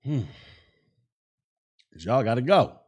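A man's voice: mid-range voice, animated, slow, husky. A man hosting a podcast, speaking in with blunt, mocking commentary and laughing at his own jokes. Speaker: podcast host. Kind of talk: casual commentary.

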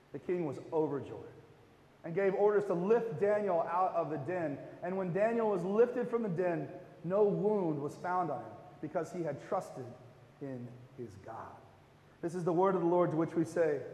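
A man's voice: high-pitched, lively intonation, normal speed, a little mellow. A male pastor preaching a sermon in a casual, conversational way with filler words. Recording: echoey hall reverb.

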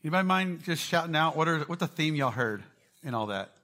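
A man giving a casual, quick-talking sermon as pastor, joking with and quizzing a live church audience. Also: on the high side, lively intonation, sharp tone.

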